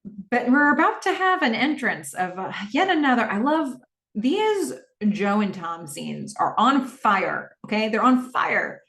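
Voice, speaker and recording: A podcast host recaps a TV episode in a casual, chatty way, acting out lines of dialogue from the characters. Her fairly bright voice sits on the high side, sing-song and a little slow, with vocal fry. The recording has an echoey room and distant mic.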